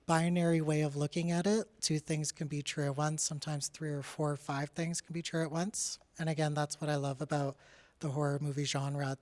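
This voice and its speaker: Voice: mid-range voice, darkish tone. A young adult artist from Canada giving a casual presentation about their own work, talking candidly with many "like" and "uh" fillers and laughing now and then. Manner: candid and chatty, with frequent "like" and "uh" fillers.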